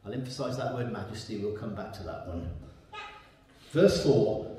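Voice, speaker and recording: A man's voice: fairly low pitch, lively intonation, moderate pace, warm tone, a little hiss or hum. A man preaching a sermon in a church and reading from the Bible, emphatic and repeating his key points. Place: church hall. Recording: very echoey room.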